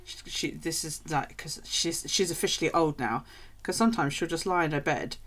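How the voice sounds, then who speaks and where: A woman's voice: deep voice, normal speed, fairly bright tone. A woman, chatting casually and swearing freely while live-streaming from home at night. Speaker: craft streamer.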